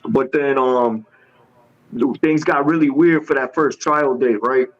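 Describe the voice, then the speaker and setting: A man guest telling a story with animated energy, using street slang and acting out each person's lines in voices. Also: medium pitch, unhurried, muffled recording. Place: podcast studio.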